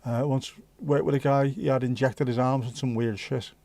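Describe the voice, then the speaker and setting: A man's voice: mid-range voice, steady tone, moderate pace, creaky, a little mellow, dry recording. A man hosting a casual livestream, reading out viewer comments with jokey banter and slipping into bits of Dutch and Spanish. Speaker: livestream host.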